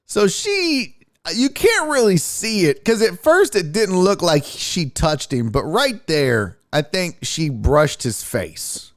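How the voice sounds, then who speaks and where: Brief: male sports host, high lively voice, chatty and profane, breaking down a clip. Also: slow. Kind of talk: casual video breakdown commentary.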